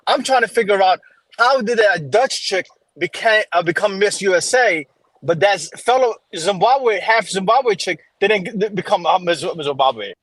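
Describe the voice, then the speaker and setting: A man's voice: sits high, animated, normal speed, fairly bright tone, dry recording, rough recording. A man calling in to a talk show, insistent and confrontational as he argues his point. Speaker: caller. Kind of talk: call-in argument.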